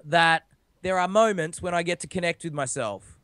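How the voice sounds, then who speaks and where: An Australian man co-hosting a podcast, laid-back and jokey with slang and swearing, his voice a little rough from being sick. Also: a little high, moderate pace, a bit bright, no echo. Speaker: podcast co-host. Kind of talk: casual podcast chat.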